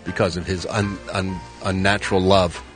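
A man's voice: deep voice, flat delivery, normal speed, soft background music. A man reading the entertainment news on a morning radio show, opinionated and sarcastic.

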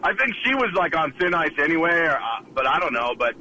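A man's voice: a little high, big pitch swings, fast, pushed and bright, slight background noise, low-quality recording. A man calling into a radio show, rambling through a story with hesitations and trailing asides. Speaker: radio caller. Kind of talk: casual phone-in anecdote.

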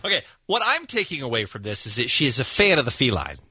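A man's voice: mid-range voice, wildly swooping pitch, fast, pushed and bright, slightly rough, no echo. A man hosting a radio show, bantering and giving joking, teasing commentary.

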